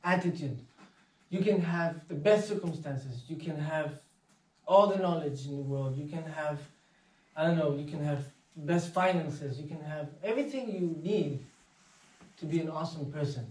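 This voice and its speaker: A man's voice: fairly high pitch, moderate pace, distant mic. Man telling a story in an echoey hall. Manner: anecdotal, animated, acts out quoted voices. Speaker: speaker. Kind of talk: inspirational talk. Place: meditation centre hall.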